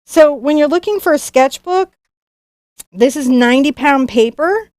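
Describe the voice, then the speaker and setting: A chatty, bubbly woman artist who hosts a live unboxing stream and talks casually to viewers. Her voice sits a little high and sounds dry and close, with no room echo. She often stumbles into restarts as she talks. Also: lively intonation, unhurried, darkish tone. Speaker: professional artist and channel host.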